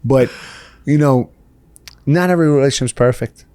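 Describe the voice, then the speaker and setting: A man's voice: medium pitch, moderate pace, dark tone, no room sound. A middle-aged man from the Bronx, chatting candidly as a podcast guest, laughing often and saying "you know" a lot. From the Bronx, New York. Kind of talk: casual interview chat.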